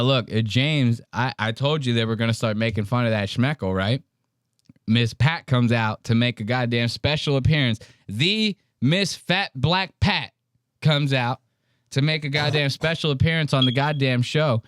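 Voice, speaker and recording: A man's voice: medium pitch, normal speed, clear, resonant tone, dry recording, clean studio sound. A man hosting a podcast, giving crude, joking commentary on comedy clips and laughing often. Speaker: podcast host.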